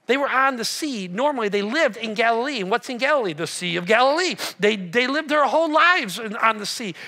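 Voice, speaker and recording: Bright, high-voiced animated preacher man. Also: brisk. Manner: animated storytelling, acts out voices, asks the room questions. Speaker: pastor. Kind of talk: sermon.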